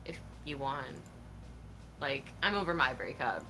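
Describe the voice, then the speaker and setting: A woman playing a cool young troll girl who talks in an easy, offhand drawl, slow and unhurried. her voice is bright and swings up and down a lot. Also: very deep voice, very animated, a little hiss or hum, full character voice. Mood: gentle. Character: cool tough young female troll, laid-back. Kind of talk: reading game dialogue aloud.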